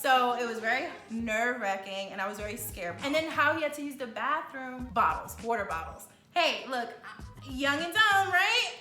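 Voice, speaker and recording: Brief: woman in her thirties, high and bright voice, animated storyteller, echoey room. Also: moderate pace, hardly any pauses, soft background music. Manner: animated storytelling, laughing, acts out quoted voices. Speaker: podcast co-host. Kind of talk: casual chat.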